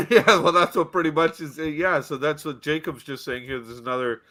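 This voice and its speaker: A man's voice: a little high, moderate pace. A man hosting a casual podcast chat, telling stories with energy and reading out viewer comments. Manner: animated storyteller, reads out viewer comments. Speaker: podcast host.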